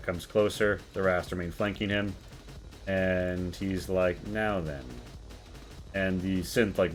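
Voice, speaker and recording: A man narrating a tabletop role-playing game as game master, relaxed with many fillers. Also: sits low.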